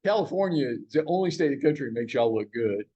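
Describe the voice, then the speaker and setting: A man's voice: medium pitch, lively intonation, fast talker, mellow, muffled recording. A man leading a team training huddle, joking and teasing as he fires questions at the room. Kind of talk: live training talk to a room.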